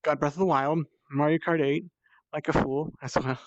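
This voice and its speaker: A man's voice: fairly high pitch, steady tone, normal speed, no echo. Tired rambling man on a VR headset. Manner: chatty and self-deprecating, swears when strained. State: tired and thirsty from climbing. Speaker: VR streamer. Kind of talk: casual rambling while playing. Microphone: VR headset mic. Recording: dull, slightly lo-fi dry mic sound.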